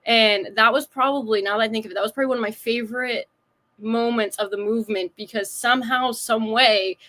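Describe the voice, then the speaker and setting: A woman chatting on a podcast, telling an animated story and acting out what people said. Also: on the high side, fairly quick. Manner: animated storyteller, acts out quotes. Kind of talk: casual podcast chat.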